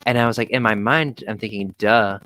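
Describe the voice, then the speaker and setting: A young man telling stories in a casual chat, animated, quoting people, swearing and laughing often. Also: fairly low pitch, a little fast, slight background noise, low-quality recording. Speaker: podcast guest.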